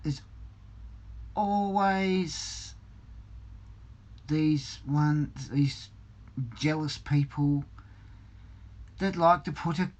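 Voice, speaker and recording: A man's voice: a little high, a little mellow. A man hosting a casual livestream from a home hobby room, hesitant and full of ums, reading viewer comments aloud as he builds a model. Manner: slow, hesitant, many ums and restarts. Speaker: livestream host.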